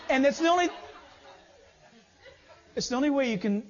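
A man preaching a sermon as pastor, animated, swinging between loud urging and low asides. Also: fairly quick, long pauses, muffled recording.

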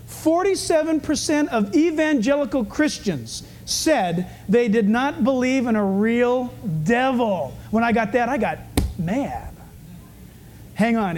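A male pastor preaching a sermon, animated and humorous, swinging from fast urgent bursts to low hushed asides. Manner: humorous, storytelling.

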